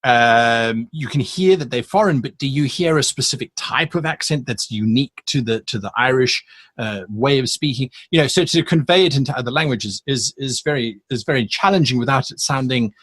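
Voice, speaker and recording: A man's voice: mid-range voice, brisk, fairly bright tone, breathy edge, dry recording. A man chatting as a podcast guest, thoughtful and rambling with frequent restarts. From South Africa. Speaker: guest, game master YouTuber. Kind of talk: casual interview chat.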